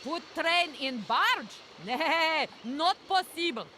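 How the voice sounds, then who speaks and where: A woman's voice: high-pitched, animated, slow, pushed and bright, slight background noise, heavily acted. An actress voicing a haggling barge-owner woman in a video game, speaking blunt, broken English with a Russian accent. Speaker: game character.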